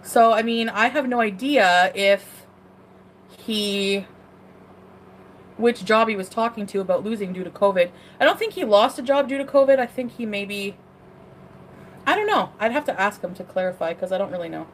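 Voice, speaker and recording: A young social media influencer talks at normal speed in a medium-pitched voice, with slight background noise behind her. Her casual livestream chat rambles, packed with "like" and trailing restarts.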